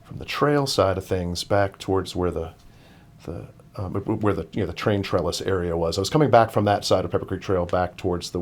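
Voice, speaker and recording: Podcast guest: a man with a lowish voice, rambling through a casual story, full of restarts. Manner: rambling, many restarts and fillers.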